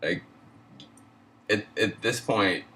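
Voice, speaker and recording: A man's voice: lowish voice, takes it slowly, pushed and bright, slight background noise. A man hosting a show, telling a personal story casually, stammering and swearing as he goes. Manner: stammering, swearing, laughing between lines. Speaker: host.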